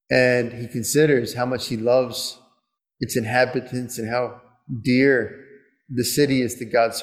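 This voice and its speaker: A man preaching a sermon in an earnest, conversational way, turning at times to spoken prayer, probably a priest. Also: medium pitch. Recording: long reverb of a church.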